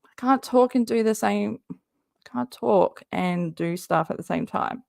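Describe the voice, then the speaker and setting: A woman's voice: mid-range voice, measured pace, gravelly, darkish tone, no room sound, studio quality. A woman hosting a casual reaction livestream, chatty and sarcastic, rambling and laughing often. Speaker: livestream host.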